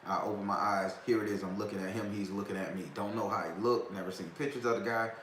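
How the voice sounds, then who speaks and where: A man's voice: on the low side, steady tone, fast talker, a bit bright. A man hosting a live talk, telling a story in a loose, profane, casual way and laughing often. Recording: echoey room, faint background noise.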